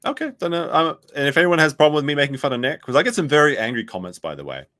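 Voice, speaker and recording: A man's voice: fairly high pitch, very animated, rapid-fire, fairly bright tone. Sarcastic rambling male commentator. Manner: sarcastic, rambling, mimics others in quotes. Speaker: commentary streamer. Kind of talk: mocking commentary on clips.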